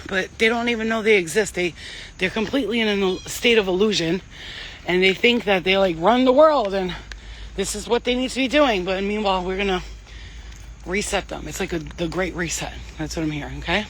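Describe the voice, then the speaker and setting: A woman's voice: medium pitch, brisk, slight background noise, rough recording. A woman psychic medium giving a casual spiritual reading and telling stories in a blunt, chatty way, swearing freely.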